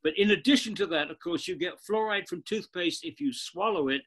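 A man with an Australian accent, a guest expert explaining points in an animated, emphatic way during a podcast interview. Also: sits high, a little fast.

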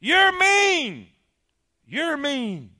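A man with a high voice, voicing a small naive boy who shouts into a cave during a sermon story. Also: wildly swooping pitch, drawn-out words, dry recording, clean studio sound, heavily acted. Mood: excited, childlike.

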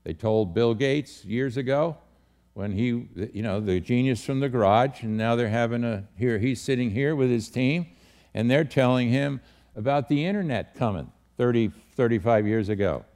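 A male pastor teaches a leadership group around a table. His voice sits at a middle pitch with a gravelly edge. He talks directly, fires questions at the group and hammers his key words. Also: normal speed, darkish tone. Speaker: pastor leading a leadership training. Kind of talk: teaching talk to a small group.

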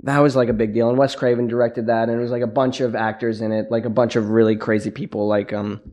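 A man's voice: medium pitch, level tone, quick pace, a little mellow. A young man, an actor, chatting casually in an interview, rambling with lots of fillers and frequent laughs. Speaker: actor guest.

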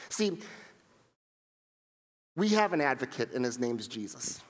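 A man preaching a sermon, telling stories in an animated way and acting out what people said, often repeating and restarting his words. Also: mid-range voice, measured pace, long pauses, big-room sound. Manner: animated storytelling with acted-out quotes; frequent repetitions and restarts. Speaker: pastor.

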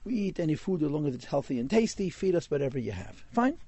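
A man's voice: fairly high pitch, sing-song, fast, mellow, husky, no room sound. A man telling a Hasidic story in a class, mixing in Yiddish and Hebrew words.

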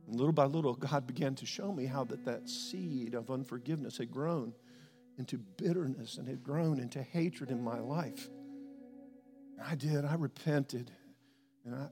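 A man's voice: medium pitch, moderate pace, darkish tone, big-room sound, soft background music. A man preaching a sermon as a pastor, telling a personal story and acting out his conversations with God.

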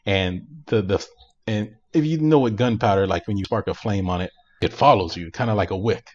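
A low-voiced man tells a movie plot in a loose, animated way, with lots of fillers, and he laughs often. He is co-hosting a casual podcast. The sound is dull and lo-fi. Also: fairly quick. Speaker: podcast co-host. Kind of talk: casual chat, recapping a movie.

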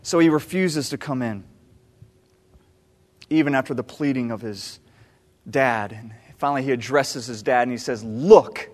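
A man from the American South preaching a sermon, animated and storytelling, acting out the characters and repeating phrases for emphasis. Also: mid-range voice, moderate pace, pauses often. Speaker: pastor. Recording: long reverb of a large hall.

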